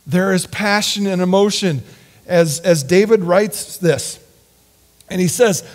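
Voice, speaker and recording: A man preaching a sermon in an earnest, halting way, often restarting his sentences. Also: high-pitched. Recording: long hall reverb.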